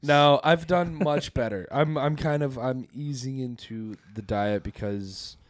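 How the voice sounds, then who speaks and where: A man's voice: mid-range voice, measured pace, no room sound, studio quality. A man co-hosting a podcast, telling stories in rambling, profane chat with many restarts and laughs. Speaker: podcast co-host. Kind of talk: casual podcast banter.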